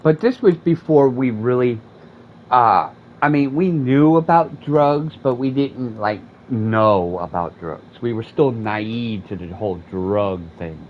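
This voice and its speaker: A man's voice: mid-range voice, slow pace. Profane, rambling man, lo-fi mic. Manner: profane, rambling, animated storyteller. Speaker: gaming streamer. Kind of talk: casual storytelling while playing. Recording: dull lo-fi mic with faint air conditioning hum.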